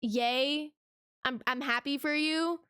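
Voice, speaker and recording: A woman's voice: a little high, normal speed, a bit bright, no room sound, studio quality. A young woman hosting a reaction channel, ranting casually to camera in a sarcastic, exasperated way, full of rhetorical questions.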